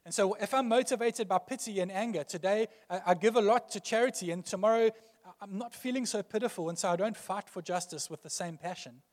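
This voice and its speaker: A man's voice: sits high, brisk, big-room sound. A male pastor preaching a sermon earnestly, building emphasis through repeated phrases.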